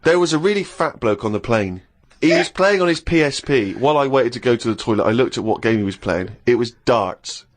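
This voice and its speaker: A man co-hosting a comedy chat show, reading a diary aloud in a deadpan way. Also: mid-range voice, brisk, hardly any pauses. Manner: deadpan reading, breaking into laughter.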